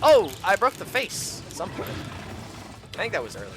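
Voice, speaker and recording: A game streamer giving live gameplay commentary, animated and swearing casually, laughing often. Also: mid-range voice, moderate pace. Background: game music.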